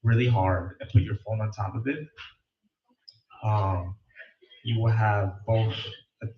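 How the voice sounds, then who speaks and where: A man reading his own poem at an open mic, slow and self-mocking between verses. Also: fairly low pitch, steady tone. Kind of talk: spoken-word poetry reading. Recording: echoey room, distant, dull sound.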